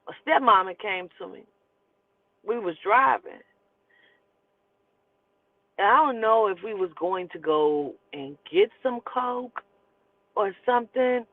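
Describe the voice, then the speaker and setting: A woman's voice: mid-range voice, no room sound. A woman in her forties telling a personal story in a blunt, profane, emphatic way, like a casual storyteller host. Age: 40s. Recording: tinny phone-like, dry sound.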